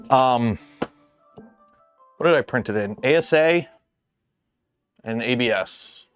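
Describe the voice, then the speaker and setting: A man hosting a casual livestream from his home garage, rambling with lots of filler words. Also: mid-range voice. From Canada. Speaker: livestream host.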